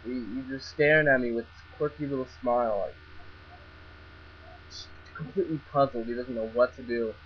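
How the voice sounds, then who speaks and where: A man's voice: mid-range voice, fairly even intonation, moderate pace, pauses often. A young man casually telling a story, stammering, restarting and swearing freely as he goes. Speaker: vlogger. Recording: dull lo-fi recording with faint mains hum.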